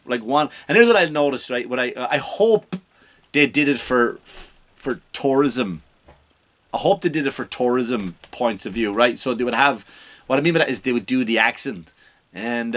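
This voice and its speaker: Rambling comedian ranting. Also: male voice, fairly high pitch. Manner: rambling, animated, self-mocking. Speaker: comedian hosting a podcast.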